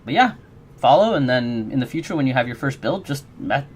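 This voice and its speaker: A man's voice: medium pitch, very animated, a little fast. A man streaming his game development work, chatting casually with viewers in a rambling, friendly, encouraging way and answering chat.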